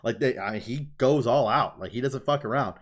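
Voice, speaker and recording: A man casually retelling a story on a podcast, excitable and profane, full of "like" and swearing. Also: medium pitch, moderate pace. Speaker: podcast co-host. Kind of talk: casual chat, retelling an anime plot.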